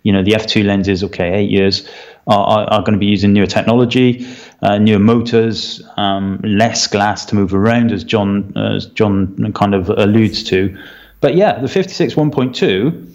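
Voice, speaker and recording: A man's voice: fairly low pitch, moderate pace, darkish tone. Opinionated man talking, slightly dull sound. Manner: opinionated, explains at length with many fillers. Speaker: podcast co-host. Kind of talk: casual chat.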